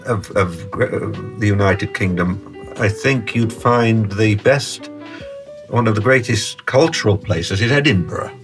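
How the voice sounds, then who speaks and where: British man, lowish voice, hesitant with fillers, faint guitar behind. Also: a little slow. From England. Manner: hesitant, many fillers, laughs easily. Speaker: guest, English teacher. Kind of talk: casual conversation.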